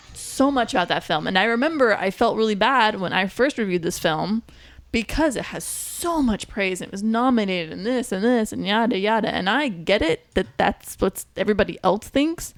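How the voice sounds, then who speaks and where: A woman co-hosting a film podcast in casual chat, animated and exasperated, acting out her own reactions. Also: medium pitch, no echo. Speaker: podcast co-host.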